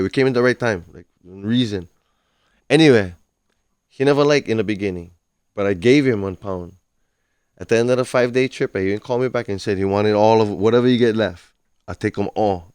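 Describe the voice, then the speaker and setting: A man with a Hawaiian Pidgin accent, a farmer telling stories in a casual chat on a farm, animated and quick to laugh. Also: fairly low pitch, clean tone, no echo, clean studio sound. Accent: Hawaiian Pidgin English. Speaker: podcast guest, farmer.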